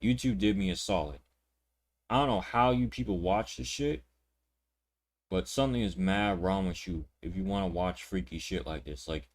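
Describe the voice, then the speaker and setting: Young man, reaction host, indignant rant, profane, low-pitched voice, repeats himself. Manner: repeats words and restarts sentences. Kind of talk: reaction commentary.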